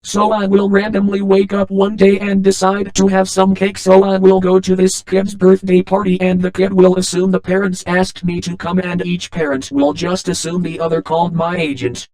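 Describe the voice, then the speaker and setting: A man voicing a boastful, crude male robot monster, telling a deadpan comedic monologue. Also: high voice, normal speed, vocal fry, few pauses, smooth, low-quality recording.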